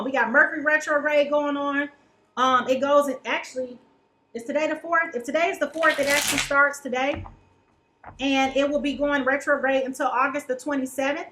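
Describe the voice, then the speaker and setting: A woman's voice: high voice, bright, forceful tone, low-quality recording. A woman giving a casual tarot reading, chatty and colloquial, who keeps checking in with "okay?". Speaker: tarot reader.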